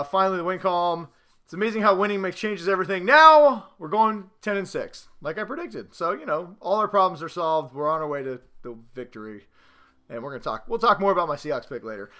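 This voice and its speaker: A man hosting a casual sports vlog at home, boastful, excitable and rambling as he talks to the camera. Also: high voice. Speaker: host.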